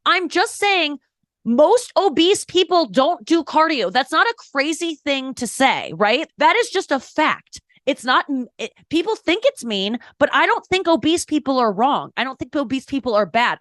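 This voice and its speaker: A woman comedian with a fairly high voice talks frankly in an interview. She speaks quickly and emphatically and acts out little quotes as she tells stories. The recording is dry and close, with no room sound. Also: lively intonation, fairly bright tone, no echo. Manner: frank, storytelling with acted-out quotes; quick, emphatic, self-correcting. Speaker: stand-up comedian, podcast guest. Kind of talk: candid interview talk.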